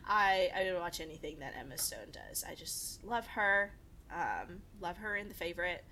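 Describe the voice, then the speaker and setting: A woman's voice: on the low side, lively intonation, normal speed, pushed and bright, a little hiss or hum. A woman co-hosting a podcast in casual chat, gushing with enthusiasm and laughing often. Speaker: podcast co-host.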